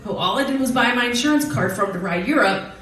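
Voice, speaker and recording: A woman telling a story from a stage, casual, animated and profane, often laughing. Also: a little high, fast talker. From United States. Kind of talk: live storytelling. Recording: very echoey hall, voice from far off.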